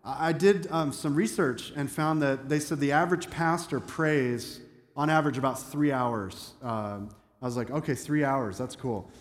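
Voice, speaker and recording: A man preaching a sermon as pastor, animated, acting out quoted voices and dropping self-deprecating asides. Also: on the high side, moderate pace. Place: church sanctuary. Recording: echoey church hall.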